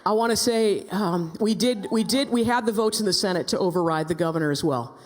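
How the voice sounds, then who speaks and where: A woman giving a storytelling speech at a rally, animated, acting out quotes and repeating herself. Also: medium pitch, a little fast, some chatter behind. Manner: animated, acts out quotes, many repeated ands. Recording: long reverb in a large hall.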